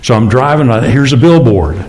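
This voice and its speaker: A man's voice: expressive, moderate pace, darkish tone. A man preaching a sermon in church, talking casually and asking the congregation rhetorical questions. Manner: conversational, with rhetorical questions and sudden rises in pitch. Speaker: pastor.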